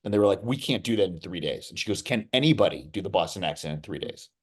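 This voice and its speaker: A middle-aged man, an actor being interviewed, telling stories in a lively, rambling way with many restarts and asides. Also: sits low, fast, breathy edge. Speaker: actor, guest. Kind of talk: casual interview storytelling.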